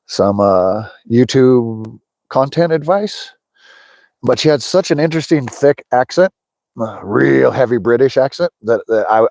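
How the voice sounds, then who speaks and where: A middle-aged American man with a medium-pitched, slightly mellow voice hosts a casual fishing livestream outdoors beside a snowy lake. He rambles, talks straight to his chat, and laughs often, all on a dry recording.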